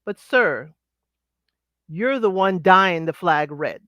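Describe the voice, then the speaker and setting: A woman's voice: on the low side, animated, slow pace, a bit bright, no echo. A woman giving sassy, blunt commentary on a reality show, scolding the people on it. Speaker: panel co-host. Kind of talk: casual commentary chat.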